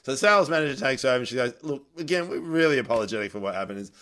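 A comedian with a medium-pitched voice races through a long story at a very fast clip in a casual podcast chat. He tells it animatedly, laughing along the way.

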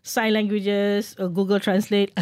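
A middle-aged woman, a guest telling travel stories in a chatty, lively way. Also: mid-range voice, slow, dry recording, studio quality. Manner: chatty, lively anecdotes with fillers. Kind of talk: casual storytelling.

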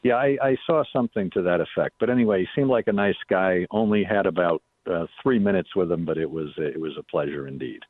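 A middle-aged man calls into a radio talk show and tells stories in a chatty way, stopping and restarting often. His voice sits a little low and comes through a tinny phone line. The sound is dry and close. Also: a little fast, few pauses, no room sound. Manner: chatty, storytelling, frequent restarts. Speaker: radio guest, former state senator. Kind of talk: casual radio call-in chat.

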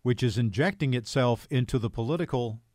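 A man's voice: medium pitch, brisk, darkish tone, no echo. Male host, pointed leading questions, dry close sound. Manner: brief affirming interjections, leading questions. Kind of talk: political talk show.

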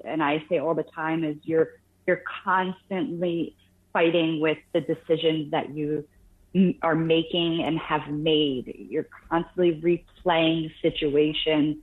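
A woman calling in to a radio show, telling a caregiving story in an earnest, halting way with many restarts. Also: sits low, husky. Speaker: caller sharing a caregiving story. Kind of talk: phone-in radio conversation. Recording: tinny phone line.

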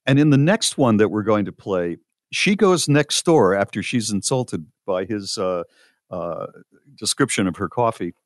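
Guy hosting a chat show, sardonic, animated voice, dry room. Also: lowish voice, measured pace, no echo. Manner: incredulous, sardonic. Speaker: podcast host. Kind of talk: casual chat.

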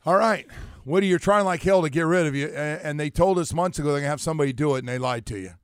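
Slightly high-voiced man teasing on radio. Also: quick pace, clear, resonant tone, no echo, clean studio sound. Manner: chiding, animated banter. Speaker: sports radio host. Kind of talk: casual morning radio banter. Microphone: studio microphone.

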